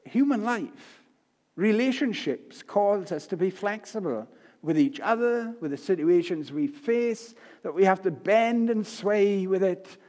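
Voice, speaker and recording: Older man preaching in a reverberant church. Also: high voice. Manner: storytelling with humor, shifts loud and soft. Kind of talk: sermon. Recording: long reverb of a church hall.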